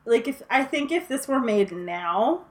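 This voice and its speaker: A woman's voice: a little high, big pitch swings, measured pace. A woman co-hosting a casual podcast chat, rambling and swearing, a bit tipsy from drinking. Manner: laughs often, swears, rambling with many likes. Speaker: podcast co-host. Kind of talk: casual chat about a horror movie.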